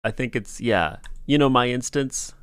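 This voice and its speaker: A man's voice: medium pitch, normal speed, fairly bright tone, clear, resonant tone, dry recording, studio quality. A man hosting a casual streamed podcast, talking in a laid-back, rambling way and laughing often. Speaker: podcast host.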